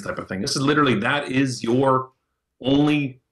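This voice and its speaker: A man, a podcast guest, telling stories in an animated way and often repeating words as he starts his sentences. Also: mid-range voice, fairly quick. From Canada. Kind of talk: casual podcast interview.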